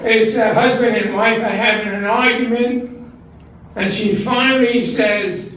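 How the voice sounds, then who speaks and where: Older man, stand-up at a retirement home show: high voice, unhurried jokes, chuckles, distant mic in an echoey noisy room. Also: fairly even intonation, a bit bright. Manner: slow, deliberate delivery of one-liners, chuckling at his own punchlines. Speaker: stand-up comedian at a talent show. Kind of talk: stand-up joke telling. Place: community room of a retirement residence.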